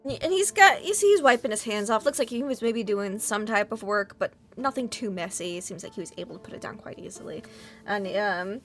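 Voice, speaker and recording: A woman's voice: medium pitch, lively intonation, fairly quick, faint music behind. A woman game master narrating a tabletop game in a loose, rambling way with many fillers.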